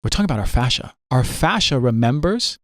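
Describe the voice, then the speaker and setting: A man's voice: medium pitch, sing-song, brisk, no echo. Earnest man in a dry recording. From New Jersey. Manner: emphatic, repeats phrases, frequent "right?". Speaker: podcast guest. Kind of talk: earnest conversational teaching.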